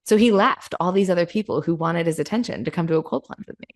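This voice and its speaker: Animated woman podcast host, lower voice. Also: quick pace. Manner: animated, acts out quoted voices, swears freely. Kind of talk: casual storytelling chat.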